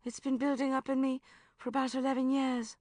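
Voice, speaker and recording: A woman reading an audiobook, voicing a sobbing, despairing young woman friend in a high, wailing voice. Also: flat delivery, fairly quick, darkish tone, dry recording, close to an everyday voice.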